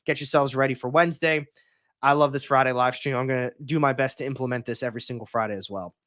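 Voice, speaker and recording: A man's voice: medium pitch, steady tone, fast, fairly bright tone. A young man hosting a casual comics livestream, talking in a rambling, opinionated way with frequent restarts.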